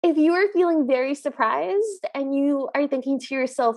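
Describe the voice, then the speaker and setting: High-voiced animated woman co-host. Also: normal speed, few pauses. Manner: animated, acts out lines in character voices. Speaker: podcast co-host. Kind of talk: casual chat recapping a movie.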